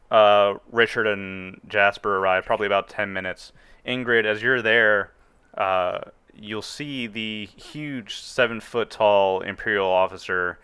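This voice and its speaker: Male game master, low and clear, loose and joking. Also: steady tone, measured pace, sharp tone, no echo. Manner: rambling, joking, fillers. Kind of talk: narrating a tabletop game.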